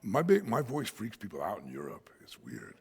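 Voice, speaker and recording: An American man preaching a sermon as pastor, an animated storyteller who punches out words for emphasis and jokes about himself. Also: lowish voice, normal speed, vocal fry, breathy edge. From United States. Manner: animated storyteller, shouts words for emphasis, self-deprecating humor. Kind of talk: expository sermon. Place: church sanctuary. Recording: church hall reverb.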